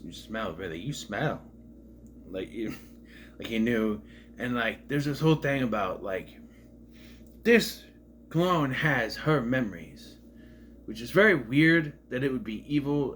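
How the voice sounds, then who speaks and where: A man's voice: mid-range voice, fairly bright tone, a little hiss or hum. Rambling man reviewing an episode. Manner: rambling, loose and digressive. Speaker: show reviewer. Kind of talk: casual episode retrospective.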